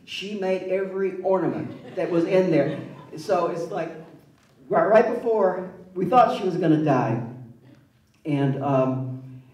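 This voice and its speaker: A man's voice: high voice, slow, pauses often. A man, telling wry personal stories at a public talk and acting out the voices in them. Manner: wry, animated, acts out voices in his stories. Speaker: author speaking at a public event. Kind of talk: personal storytelling. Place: museum event space. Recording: roomy hall, mic at a distance.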